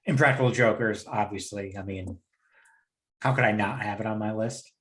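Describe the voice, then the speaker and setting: A man co-hosting a casual podcast chat in a relaxed, agreeable way, swearing now and then. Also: fairly low pitch, moderate pace. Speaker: podcast co-host.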